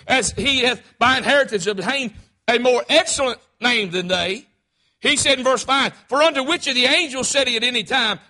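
A man's voice: very high-pitched, sharp tone. A man preaching a sermon, emphatic and punctuating his points with "hey".

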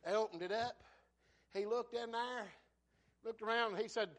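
A man preaching a sermon, telling Bible stories in a folksy way and swinging from hushed to shouting. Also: high-pitched, steady tone, moderate pace, long pauses.

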